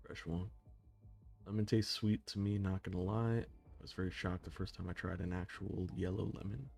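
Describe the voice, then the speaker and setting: Young male streamer, low voice, loose and profane, faint music under him. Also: creaky, a little mellow. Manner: swears freely, laughs often. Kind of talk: casual chat with stream viewers.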